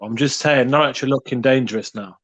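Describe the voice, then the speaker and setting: A man's voice: mid-range voice, brisk, a bit bright, highs cut off. A man hosting a casual debate podcast, cheeky and argumentative. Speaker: host.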